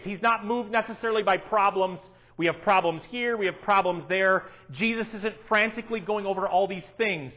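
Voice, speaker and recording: A man preaching a sermon, swinging from hushed, quiet lines to loud, emphatic ones. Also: high-pitched, fairly even intonation, normal speed, highs cut off.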